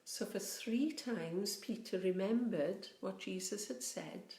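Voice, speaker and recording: Slow, gentle woman telling a story. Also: medium pitch. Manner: gentle, expressive, drawn-out. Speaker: rector. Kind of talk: storytelling for children. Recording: roomy, faint background noise.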